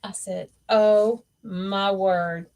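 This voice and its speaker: A woman's voice: mid-range voice, fairly even intonation, extremely slow, a little mellow, lo-fi sound. A woman hosting a crafting livestream, chatting casually and teasing while she works.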